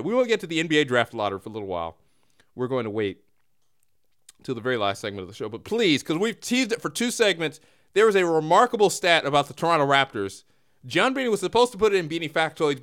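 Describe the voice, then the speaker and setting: A man hosting a comedy sports podcast with a smooth, resonant voice. He swings his pitch up and down a lot as he delivers jokes in a playful, mock-serious way. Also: fairly bright tone. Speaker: podcast co-host.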